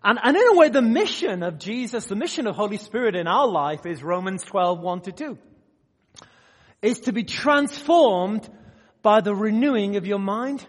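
A male preacher with a high, lively voice that keeps climbing and dropping. He moves from loud emphatic bursts to quiet asides and keeps checking in with the room. His voice rings with the long reverb of a large hall. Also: moderate pace. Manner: asks the audience direct questions. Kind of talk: sermon.

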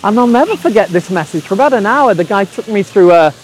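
A preacher tells a personal story in a high voice. He recounts it with lively energy and acts out the quoted lines. Faint sizzling noise sits behind him. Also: fast talker, rough recording. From England. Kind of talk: storytelling sermon.

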